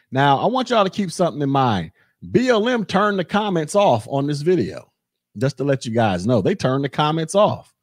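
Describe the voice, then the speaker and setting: This is a man hosting a commentary podcast, talking straight to his listeners. His voice sits somewhat high and moves up and down a lot. The sarcasm is heavy, and the sound is close and dry, with no room around it. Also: normal speed, no room sound. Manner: sarcastic, animated, addresses listeners as y'all. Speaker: podcast host.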